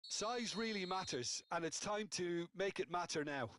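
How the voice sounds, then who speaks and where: Measured male football analyst. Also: high-pitched, animated, fairly bright tone. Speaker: co-commentator, analyst. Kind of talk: video game football commentary.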